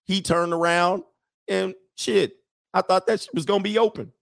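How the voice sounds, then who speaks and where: A man's voice: high voice, steady tone, normal speed, gravelly, fairly bright tone, no echo, studio quality, pitched above the performer's own voice. A man mocking a rambling football coach. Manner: rambling, excusing himself. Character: male football coach defending a blunder.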